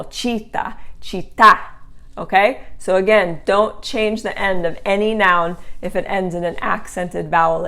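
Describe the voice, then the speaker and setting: A woman teaching a language lesson, patient and clear, repeating words slowly and checking in with "okay?" and "right?". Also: mid-range voice. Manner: casual tag questions like okay and right. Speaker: Italian teacher.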